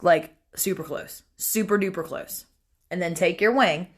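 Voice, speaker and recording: A chatty young woman hosts a casual makeup tutorial over a phone livestream, talking to her viewers and to family nearby as she works. Her voice sits a little low for a woman. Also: unhurried. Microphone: phone camera.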